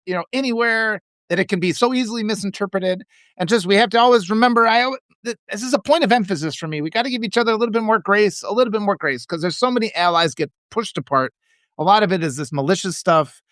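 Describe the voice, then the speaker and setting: A middle-aged man hosting a casual live stream, talking in a rambling, animated way with many restarts and laughs. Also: high voice, fast, dry recording, studio quality. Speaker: author and live-stream host.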